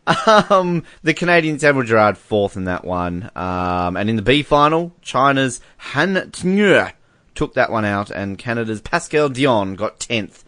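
A man's voice: mid-range voice, big pitch swings, measured pace, a bit bright, no echo, clean studio sound. A man from Australia casually reading sports results on a podcast. He jokes, laughs often and stumbles over foreign names. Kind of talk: casual chat.

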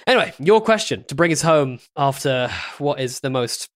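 A man's voice: mid-range voice, animated, moderate pace, dry recording, clean studio sound. A man co-hosting a casual chat, wry and full of hesitant restarts. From England. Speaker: podcast co-host.

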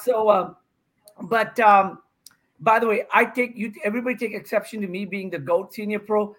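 A pickleball pro from India in his fifties guests on a podcast, speaking in a high voice at a moderate pace. His casual chat is full of excitable, joking, rambling stories.

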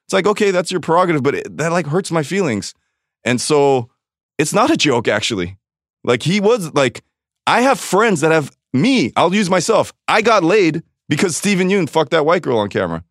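A man's voice: fairly high pitch, sing-song, normal speed, dry recording, studio quality. A man from Los Angeles, a podcast guest telling a personal story in blunt, profane casual chat, acting out what others said to him. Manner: blunt, profane storyteller who acts out quotes.

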